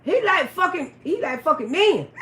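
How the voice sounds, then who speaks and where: A woman telling a raunchy story on a live stream, loud, profane and laughing often. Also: extremely high pitch, sing-song, unhurried, reverberant. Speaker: livestream storyteller.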